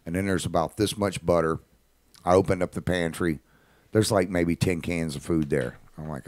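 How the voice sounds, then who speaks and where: A middle-aged man with a low voice tells a story from his own life, blunt and animated, flaring with indignation as he speaks. The sound is dry and close, with no room around it. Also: fairly quick, no room sound. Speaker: radio show host telling a story. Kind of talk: casual spoken anecdote.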